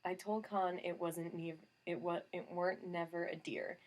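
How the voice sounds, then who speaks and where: A woman playing a gruff old soldier with a thick brogue. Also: on the low side, steady tone, normal speed, darkish tone. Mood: scolding. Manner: thick regional brogue, laid on heavily. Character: gruff older male soldier servant, blunt and scolding.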